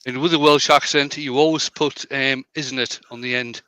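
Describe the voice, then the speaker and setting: Bright-voiced Northumbrian man, casual chat. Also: medium pitch, steady tone, normal speed, no echo. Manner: chatty, jokey, explains his work. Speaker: host, woodturner. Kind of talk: casual live-stream chat.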